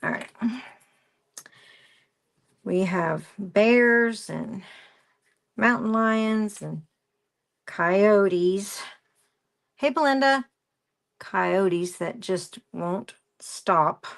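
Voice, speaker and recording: A woman's voice: medium pitch, very slow, gravelly, long pauses. A woman presenting a craft live stream, rambling through a story and greeting viewers by name as she works. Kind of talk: casual chat while crafting.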